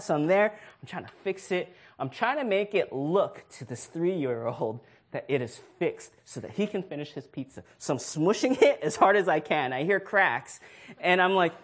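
A man preaching a sermon through a personal story, acting out voices and laughing as he goes. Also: on the high side. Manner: animated storyteller who acts out voices and laughs.

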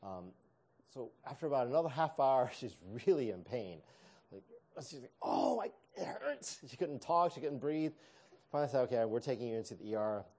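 Mellow-voiced man telling a wry story. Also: mid-range voice, animated, fast talker. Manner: conversational, self-deprecating humor, frequent restarts. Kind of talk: personal story in a sermon.

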